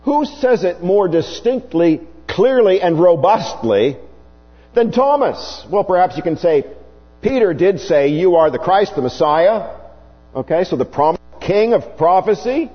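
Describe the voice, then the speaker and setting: A husky-voiced male preacher delivers a sermon at an unhurried pace, his pitch swinging widely for emphasis. The sound is dull and lo-fi, with a faint mains hum beneath it. A long reverb trails each phrase through the hall. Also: sing-song.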